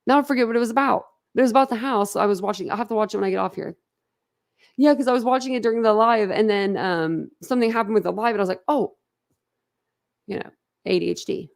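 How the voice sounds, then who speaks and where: With a medium-pitched, creaky voice and a quick pace, a woman runs a livestream. She chats casually and bluntly with those watching, often rambling and laughing.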